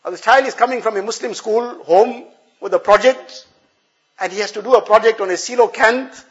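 A man's voice: sits high, fairly quick, highs cut off. A male preacher giving an earnest, explanatory sermon, repeating phrases for emphasis.

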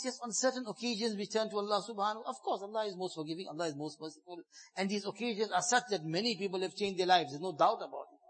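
A man preaching a sermon on scripture, building to emphatic stress and then falling soft and low. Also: breathy edge.

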